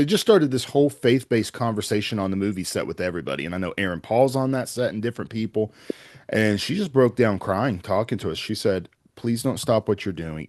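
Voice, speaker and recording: Earnest low-voiced pastor telling stories. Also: male voice, darkish tone, dry recording, studio quality. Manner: earnest, rambling anecdotes with quoted dialogue. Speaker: pastor and evangelist. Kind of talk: storytelling in a podcast interview.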